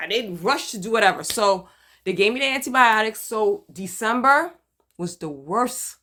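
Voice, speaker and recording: A middle-aged woman from Brooklyn with a Brooklyn accent, chatting in a candid video diary, animated and dramatic, hyper and talkative. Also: moderate pace. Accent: Brooklyn, New York. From Brooklyn, New York. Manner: animated, dramatic, with emphatic swings in pitch and loudness. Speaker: vlogger sharing her cancer journey.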